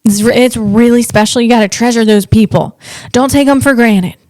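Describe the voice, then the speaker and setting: A woman's voice: on the high side, normal speed, darkish tone, no echo. A woman from the Northeast US hosting a casual comedic podcast, chatty and rambling, often restarting her sentences.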